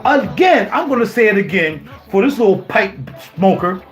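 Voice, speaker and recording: A YouTuber in his fifties goes on a heated rant during a live stream from his home music studio, sounding indignant, repeating himself and firing off rhetorical questions. His high-pitched voice has a sing-song quality at a normal speed, with faint music playing behind him.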